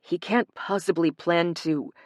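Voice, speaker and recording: A narrator voicing a steady, protective young man who speaks firmly and briefly in an audiobook thriller. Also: on the high side, unhurried, no echo, clean studio sound, close to an everyday voice.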